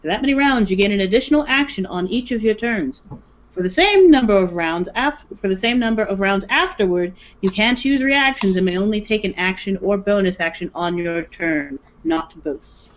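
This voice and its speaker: A woman's voice: medium pitch, expressive, moderate pace. A woman player in casual tabletop game chat, explaining rules and reading item text aloud over online voice chat. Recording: muffled lo-fi voice chat.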